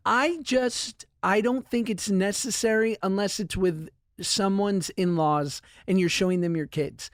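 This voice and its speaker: A man's voice: sits high, unhurried, hardly any pauses, no echo, clean studio sound. A man in his thirties hosting a podcast in casual chat, wry and joking, laughing often. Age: 30s. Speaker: podcast host.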